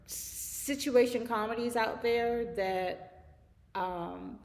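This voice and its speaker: Chatty woman podcaster in a reverberant room. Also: medium pitch. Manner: chatty, laughs often, drawn-out repeated phrases. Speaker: podcast host. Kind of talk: casual solo podcast chat. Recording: long hall reverb.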